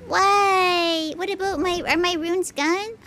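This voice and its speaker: A woman streaming games live, talking excitably with frequent giggles and dramatic outbursts. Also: extremely high pitch, takes it slowly, a little hiss or hum. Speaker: game streamer. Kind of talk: live gameplay commentary.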